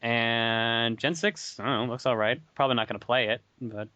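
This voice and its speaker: A man's voice: mid-range voice, normal speed, pushed and bright. A man co-hosting a casual podcast chat, hesitant and often correcting himself. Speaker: guest co-host. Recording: dull, slightly lo-fi, dry.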